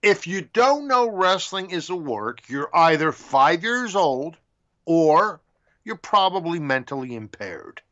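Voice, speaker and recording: A man's voice: a little high, big pitch swings, takes it slowly, a bit bright. A man co-hosting a wrestling podcast, talking bluntly and scoffing. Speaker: podcast co-host. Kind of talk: casual podcast rant. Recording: dull lo-fi sound.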